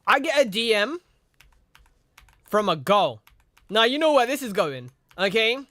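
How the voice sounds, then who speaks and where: A man's voice: high-pitched, very animated, unhurried, bright, forceful tone, dry recording. A young man casually telling a rambling story, repeating "you know what I mean" and acting out the people in it. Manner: acts out the other people in his story. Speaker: streamer.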